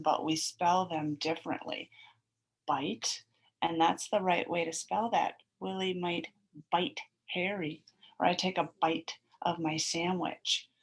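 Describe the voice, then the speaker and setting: A woman teacher giving a phonics lesson to young children over a video call, sounding out letters slowly and clearly. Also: fairly low pitch.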